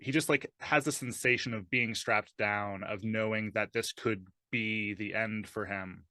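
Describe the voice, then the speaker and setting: Low-ish bright voiced guy playing a tabletop game, lots of likes and uhs, dry mic. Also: fairly even intonation, unhurried, no echo. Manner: thoughtful, filler-heavy describing. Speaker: player.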